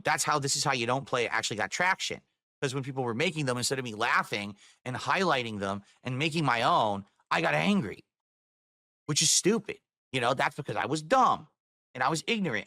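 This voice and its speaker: Bright, fired-up man ranting on stream. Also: medium pitch, no echo, clean studio sound. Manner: heated, profane, rhetorical questions. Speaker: live streamer. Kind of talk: ranting to a live chat.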